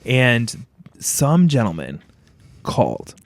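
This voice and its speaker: Gravelly man telling a rambling story. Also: medium pitch, huge pitch swings, slow pace, no room sound. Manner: rambling storyteller, laughs often. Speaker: podcast co-host. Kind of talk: casual chat.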